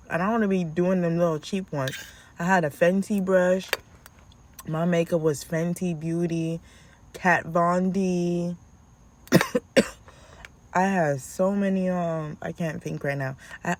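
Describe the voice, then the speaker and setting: Woman podcast host, lowish voice, slow casual delivery, lively storyteller. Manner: animated, acts out scolding her kids.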